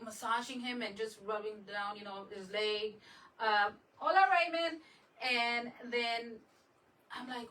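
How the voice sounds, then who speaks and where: A woman hosting a craft livestream, telling a lively story in casual chat, laughing often and slipping in Spanish words. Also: a little high. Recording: voice a bit far from the mic, faint room noise.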